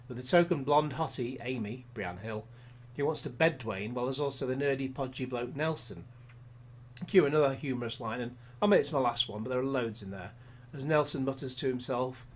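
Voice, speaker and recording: A man's voice: mid-range voice, expressive, a little fast. A man reading a scripted film review voice-over, with dry, sarcastic humour.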